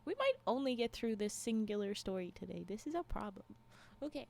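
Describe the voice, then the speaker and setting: A woman's voice: mid-range voice, lively intonation, a little fast, gravelly, a little mellow. A woman streamer chatting casually and reading a story aloud, giggling often and breaking into exclamations. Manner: giggly, exclamatory reactions to chat.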